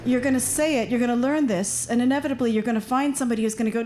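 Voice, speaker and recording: A woman from Washington D.C. speaking on a panel discussion, chatty and animated with lots of asides. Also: a little high, fast talker, few pauses. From United States, Washington D.C.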